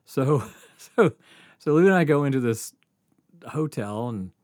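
A man tells a rambling road-trip style story in a relaxed podcast chat, laughing often and swearing freely. His voice swings widely up and down in pitch. The sound is dry and close, with no room echo. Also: measured pace. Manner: animated, laughs often, lots of fillers and swearing. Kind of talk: casual storytelling.

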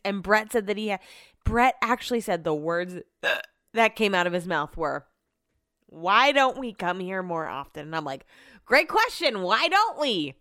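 A woman's voice: mid-range voice, a bit bright, dry recording. Chatty, sarcastic woman with a dry sound. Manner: chatty, sarcastic, swears freely. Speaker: vlog host. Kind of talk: casual chat. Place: at home.

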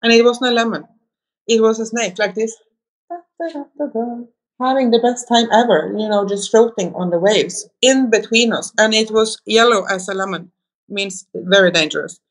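Woman, interview guest, rambling storyteller, casual, halting restarts. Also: mid-range voice, fairly even intonation. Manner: rambling, anecdotal, frequent restarts. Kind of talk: conversational storytelling.

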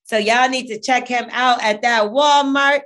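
A woman co-hosting a podcast, talking in loud, animated casual banter. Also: a little high, unhurried. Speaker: podcast co-host.

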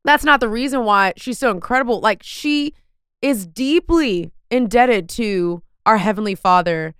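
Effusive woman podcast host, crisp dry voice. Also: on the high side, unhurried, dry recording. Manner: effusive, animated storytelling. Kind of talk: casual podcast chat.

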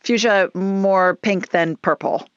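A woman's voice: medium pitch, slow, smooth, dry recording, highs cut off. A woman hosting a call-in show, chatty and reassuring with callers, calling them honey and girl. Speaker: host taking callers. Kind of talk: casual call-in chat.

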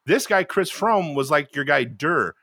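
A man telling a comedic story on a podcast, animated and swearing freely. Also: fairly high pitch, a little slow, no room sound, studio quality. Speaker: podcast co-host.

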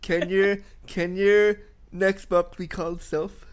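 A man's voice: high-pitched, little pitch movement, slow pace, crowd noise. A man hosting a casual interview who talks frankly, swears freely and fills his speech with "like". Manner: frank and blunt, swears, fills with lots of likes.

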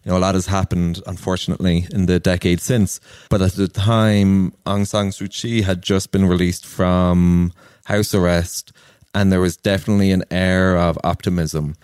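Deep-voiced man from Ireland, reflective. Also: fairly even intonation, moderate pace, darkish tone, smooth, no room sound, clean studio sound. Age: 30s. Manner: earnest, personal, anecdotal. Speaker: interview guest. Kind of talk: reflective storytelling in conversation.

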